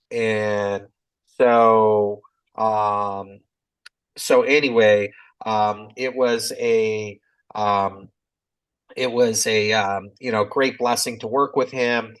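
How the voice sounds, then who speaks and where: A man in his fifties, a physician and business executive, tells his story in a relaxed interview, reflective and rambling with many fillers and restarts. His voice is medium-pitched and smooth, though the recording is rough.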